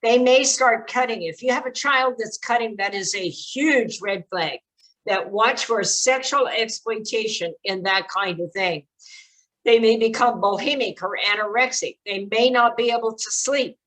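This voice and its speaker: This older woman talks unhurriedly in a highish, slightly bright voice, heard through a rough recording. She's a child exploitation prevention speaker giving parents earnest, direct advice, with plenty of fillers.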